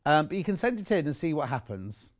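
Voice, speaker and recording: A man's voice: fairly high pitch, big pitch swings, fast talker. A man presenting live shopping television, chatting and bantering with his co-workers. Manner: chatty, bantering, chuckling asides.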